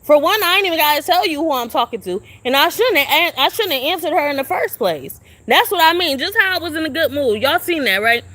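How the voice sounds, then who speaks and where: Outdoors at a shelter, a young woman livestreams from her phone, ranting in a confrontational, profane way and firing the same questions over and over. Her voice is high, expressive and sharp. She talks fairly quickly with hardly any pauses.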